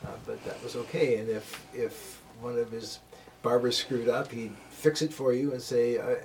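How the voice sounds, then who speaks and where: A man's voice: mid-range voice, little pitch movement, moderate pace, a little mellow. An older man telling a fond childhood memory in a group discussion, hesitant with many fillers and restarts. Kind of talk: casual personal storytelling. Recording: distant mic, faint room noise.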